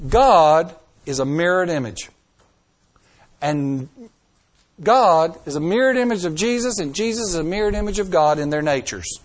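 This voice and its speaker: A middle-aged man preaching a sermon. He talks emphatically, with dramatic swings in loudness and pace, and asks the congregation rhetorical questions. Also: sits high, animated, moderate pace.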